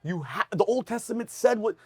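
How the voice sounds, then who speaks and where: Animated joke-telling man, fairly high voice. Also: a little fast, breathy edge, dry recording. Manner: animated storyteller, breaks into laughter. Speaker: comedy show host. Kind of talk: casual chat, telling jokes. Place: diner.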